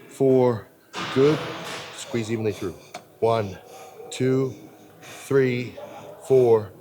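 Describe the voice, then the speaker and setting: A man working as a personal trainer, calling out terse commands and counting reps aloud. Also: medium pitch. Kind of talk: gym coaching. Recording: background music.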